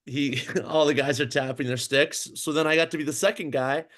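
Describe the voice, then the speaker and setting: A man in casual interview talk, telling a rambling career story with many restarts and "um"s. His voice sits a little high for a man, and he tumbles from one point to the next in an animated way. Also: a little fast. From Minnesota. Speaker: podcast guest, former pro goalie.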